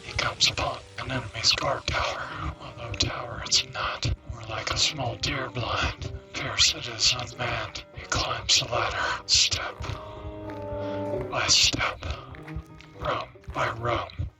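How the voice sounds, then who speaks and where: A man doing whispered narration of a tense story in a hushed, dramatic way. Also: medium pitch, fairly even intonation, slow, distant mic, over music. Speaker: podcast narrator.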